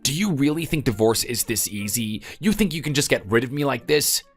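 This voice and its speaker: A man's voice: mid-range voice, lively intonation, a little fast, breathy edge, faint music behind. A man voicing a defensive husband who insists he did enough for his wife and begs her not to leave. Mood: pleading. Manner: defensive, then pleading. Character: defensive husband pleading to save his marriage. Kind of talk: text-message story dramatization.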